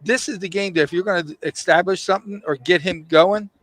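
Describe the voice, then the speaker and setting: A man on a sports radio show making his point in halting bursts, repeating words as he goes. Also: sits high, fairly bright tone, dry recording.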